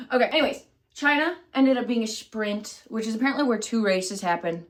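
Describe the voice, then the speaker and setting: A woman's voice: fairly high pitch, lively intonation, a little fast, slight background noise. A woman vlogger chatting casually to camera, scattered and self-deprecating, losing her thread often. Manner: scattered and self-deprecating, many fillers and restarts. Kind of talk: rambling casual chat to camera.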